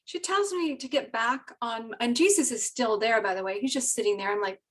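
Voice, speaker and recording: A woman telling a personal story in an animated, rambling way, laughing often and using many fillers. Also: a little high, a little fast, recorded from a distance, poor audio. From Britain. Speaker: guest telling her spiritual story.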